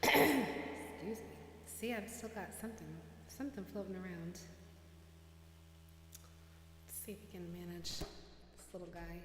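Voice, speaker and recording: A woman's voice: on the low side, steady tone, a little slow, long pauses, very noisy. Chatty woman musician in an echoey room. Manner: chatty, rambling, self-deprecating, laughs often. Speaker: musician hosting a livestream. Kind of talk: casual chat between songs.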